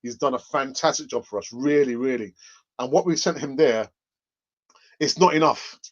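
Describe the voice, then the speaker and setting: Casual male stream host who laughs a lot and talks to his chat; middle pitch, muffled lo-fi sound. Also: normal speed. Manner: chatty, reads out viewer comments, laughs often.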